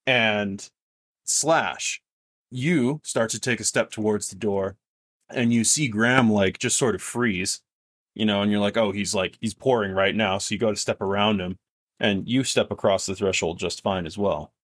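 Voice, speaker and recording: Low-voiced casual male game master. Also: a little slow, a bit bright, slightly rough, no echo, clean studio sound. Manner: casual, rambling with restarts and fillers. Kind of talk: narrating a tabletop game.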